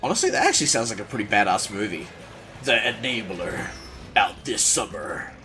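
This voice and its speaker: Man doing a gruff action-movie hero, thick put-on accent, slow trailer announcing, lower than his own voice, faint music behind. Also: huge pitch swings. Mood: mock-dramatic. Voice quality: thick put-on foreign accent, self-admittedly bad.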